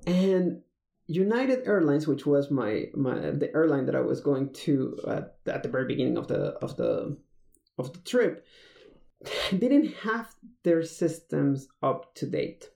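Casual storyteller; dark, gravelly tone, loose and rambling, recorded in an echoey room. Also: mid-range voice, sing-song, a little slow. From Mexico. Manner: rambling, many fillers and restarts. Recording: roomy echo.

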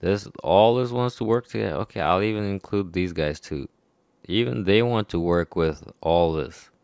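A man's voice: low voice, normal speed, creaky, a little mellow, no echo. A man in a rambling, profane monologue to camera, chuckling often between remarks. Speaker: vlogger. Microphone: personal microphone.

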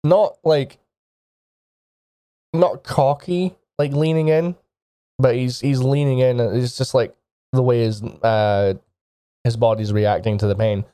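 A male game master narrating a tabletop game slowly, in a measured, descriptive way. His voice is mellow and low-toned, recorded close and dry. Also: steady tone, clean tone, dry recording.

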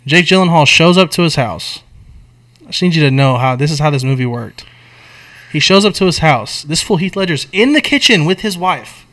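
A young man chats casually on a podcast, recounting a film plot with lots of swearing and slang. His delivery is animated and jumps between quiet asides and loud emphasis. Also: fairly high pitch, moderate pace. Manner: animated, profane storytelling with slang. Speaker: podcast co-host. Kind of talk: casual chat, retelling a movie plot.

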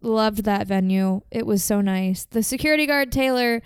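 A woman's voice: on the high side, normal speed, clear, resonant tone, no echo. Chatty young woman telling a story. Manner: chatty storytelling, filler words. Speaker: podcast co-host. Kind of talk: casual chat.

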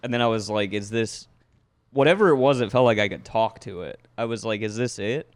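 A young man with a lowish voice tells a rambling story in casual podcast chat, laughing as he goes. The sound is close and dry, with no room around it. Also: fairly quick, dry recording. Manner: rambling, laughs often, trails off. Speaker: podcast guest.

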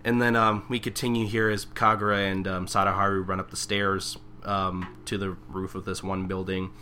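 A man's voice: low-pitched, a little hiss or hum. A young man co-hosting a podcast, casually recapping a manga and acting out the characters' lines. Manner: animated, acts out character lines in quick bursts. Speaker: podcast co-host.

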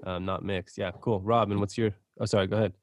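A man's voice: on the low side, fairly even intonation, quick pace, a little mellow, no room sound. A man hosting a casual music chat over a video call, running the rounds with playful, teasing banter. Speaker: segment host.

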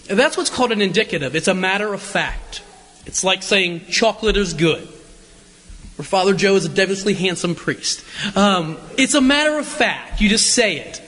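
In a church sanctuary full of long reverb, a preacher gives a chatty sermon, trading jokes with his congregation and asking them questions. His high voice is expressive and fairly bright, at normal speed.

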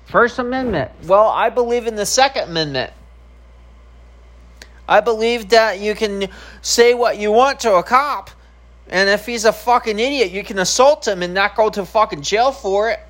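A man's voice: high voice, normal speed, a bit bright. A man streaming and vlogging, talking casually to camera in a rambling, profane way with many filler ums.

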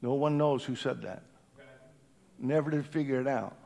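A man preaching a sermon in a church, impassioned, swinging from hushed tones to shouting. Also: mid-range voice, moderate pace, gravelly. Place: church building during a service.

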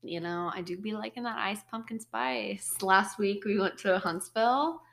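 A woman's voice: mid-range voice, normal speed, gravelly, fairly bright tone. A young woman co-hosting a podcast, chatting in a playful, slangy way. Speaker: podcast co-host. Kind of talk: casual chat.

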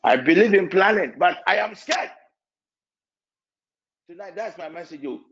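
A man preaching an evening sermon in an emotional, repetitive way, with sudden shouts. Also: sits high, animated, normal speed, gravelly, muffled recording.

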